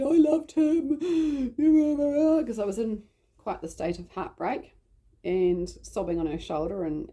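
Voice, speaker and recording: A vlogger with a New Zealand accent tells a personal story, her lowish voice dark in tone. She's chatty and rambling, leaning heavily on "like."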